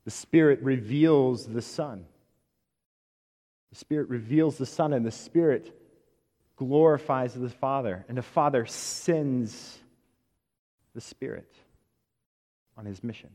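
A man preaching a sermon to a congregation, speaking emphatically and letting many phrases fall soft at the end. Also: mid-range voice, unhurried, long pauses, long reverb tail. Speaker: pastor. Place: church sanctuary.

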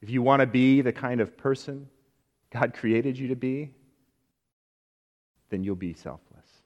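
A male pastor delivers a sermon with emphatic phrasing, often dropping softly at the end of a phrase. His voice sits at a middle pitch. It rings with a long reverb through a church sanctuary. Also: unhurried, muffled recording. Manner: emphatic, with phrases falling soft at the ends.

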